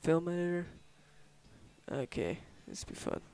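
A man's voice: high-pitched, expressive, measured pace, a little mellow, smooth, no room sound. Young man casually reading game text aloud. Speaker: gamer. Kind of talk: casual let's play commentary.

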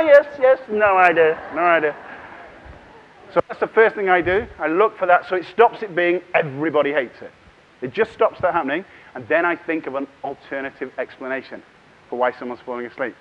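A man speaking at a conference in a fairly high voice, telling funny stories and slipping in voices for people's thoughts. The sound is dull and lo-fi, as if taped from a hall microphone. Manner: humorous storytelling, acts out voices and inner thoughts. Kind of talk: lively conference keynote.

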